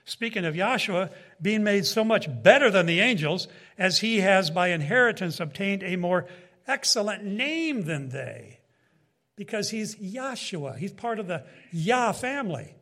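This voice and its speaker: A man with a notably high-pitched voice delivers a Bible teaching in sermon style. His delivery is emphatic, rising and falling. He turns often to his listeners with quick asides. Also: expressive, sharp tone. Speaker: preacher.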